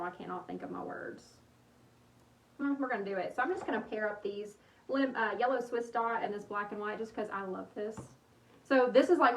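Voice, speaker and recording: A young woman, chatting in a bubbly, rambling way while she crafts on a livestream, talking to her viewers. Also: on the high side. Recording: roomy, slightly distant with faint hiss.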